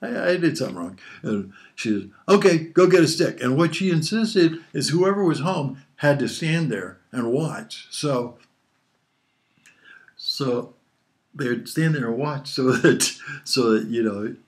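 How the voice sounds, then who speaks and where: A father from Hawaii, older now, tells rambling stories about his childhood family while being interviewed, chuckling frequently. His mid-range voice is expressive and a little slow in this casual storytelling.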